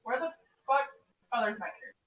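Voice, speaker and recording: A woman's voice: fairly high pitch, lively intonation, quick pace. A woman playing in a tabletop game, blunt and casually swearing. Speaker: player. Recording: distant, dull and roomy.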